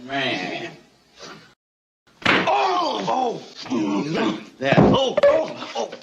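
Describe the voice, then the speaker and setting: A man's voice: mid-range voice, huge pitch swings, slow pace, dull audio, pitched above the performer's own voice. A man putting on a squealing, short-tempered old man's voice with whooping cries. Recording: loud noise, roomy echo.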